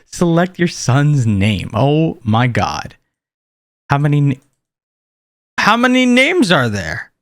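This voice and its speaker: Excitable man with a lively voice. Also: mid-range voice, slow, long pauses, no room sound, studio quality. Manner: goofy, excitable, big emotional swings. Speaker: gaming YouTuber. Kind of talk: excitable let's-play commentary.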